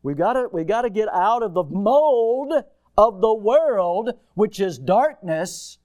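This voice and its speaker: A man with a high voice delivers a sermon, animated and folksy. He peppers it with rhetorical questions and homespun stories, swinging from loud, sharp cries down to low, quiet asides. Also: slow pace. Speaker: preacher.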